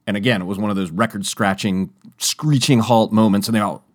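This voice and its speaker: A man's voice: a little fast, no echo, clean studio sound. A man telling a personal story in a casual, rambling way, acting out the other people's lines in raised voices. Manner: animated, jumps to high voices when quoting others; rambling with frequent restarts and fillers.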